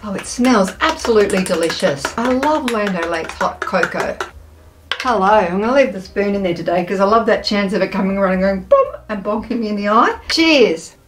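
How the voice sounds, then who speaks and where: A woman's voice: medium pitch, lively intonation, brisk, background noise. A woman chatting casually through a food taste test, enthusiastic and playful, with savoring sounds between bites.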